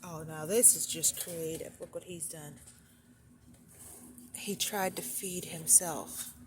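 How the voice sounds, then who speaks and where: A woman giving a relaxed, chatty tour of her rabbit barn as a breeder, pausing now and then between thoughts. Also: low-pitched. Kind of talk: casual walkthrough narration. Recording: noisy barn ambience. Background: barn ambience noise.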